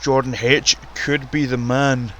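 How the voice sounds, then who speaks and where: A man giving casual, profane, excitable commentary on a wrestling video game and ranting about the roster. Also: medium pitch, slow pace, a little hiss or hum. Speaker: commentator and show runner.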